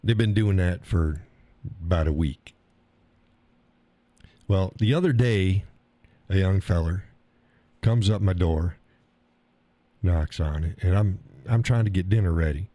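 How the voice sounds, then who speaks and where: A man's voice: sits low, a little slow, pauses often, mellow, dry recording. A middle-aged American man hosting a live stream, ranting casually in a profane, rambling way and mocking other people's words. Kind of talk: casual storytelling rant.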